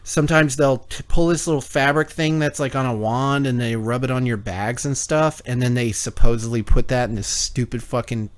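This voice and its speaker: A man's voice: mid-range voice, moderate pace, hardly any pauses. A man in his usual mid-range voice tells a long, rambling story on a call-in talk show. He swears freely and acts out both sides of conversations as he goes. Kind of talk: casual chat.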